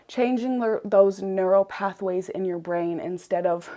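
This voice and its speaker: An earnest young woman speaks straight to her viewers in a personal vlog, her voice at an ordinary middle pitch. She leans on key words and repeats phrases for emphasis as she speaks. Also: a little slow, warm tone. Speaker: vlogger.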